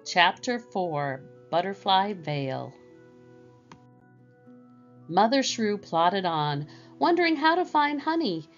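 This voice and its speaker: A woman narrating a children's storybook in a slow, gentle reading manner. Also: mid-range voice, big pitch swings, lo-fi sound, soft background music.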